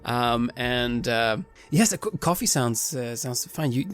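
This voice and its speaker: A man's voice: mid-range voice, expressive, unhurried. A man playing a tabletop game, speaking hesitantly with stammered restarts. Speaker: player.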